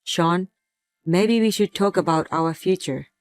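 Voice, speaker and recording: A woman playing a young wife who uses a wheelchair, speaking in a gentle, pleading way in a scripted drama. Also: fairly low pitch, unhurried, no room sound, natural voice. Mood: quiet. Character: young wife in a wheelchair, hurt but patient.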